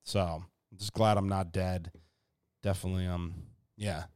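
Casual podcast co-host, man, lowish voice, profane and rambling, dry close sound. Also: flat delivery, moderate pace, darkish tone, clean tone, no room sound. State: recovering from car accident, dry mouth. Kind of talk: casual chat.

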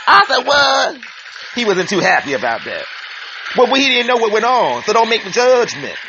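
Sassy high-voiced New man. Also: big pitch swings, brisk. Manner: sassy, theatrical, calls listeners honey and child. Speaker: community radio host. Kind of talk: flamboyant comic commentary. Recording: dull lo-fi recording with loud hiss.

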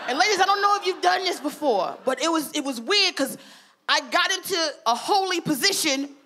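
Brash, high-voiced woman doing stand-up. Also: lively intonation, brisk, background noise. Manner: brash and profane, shouting punchlines. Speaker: stand-up comedian. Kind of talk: stand-up routine. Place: festival comedy stage.

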